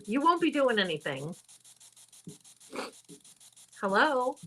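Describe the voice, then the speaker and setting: Chatty higher-voiced woman psychic host. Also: sing-song, slow, bright, forceful tone, poor audio. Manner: chatty, rambling storyteller. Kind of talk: casual live-stream chat.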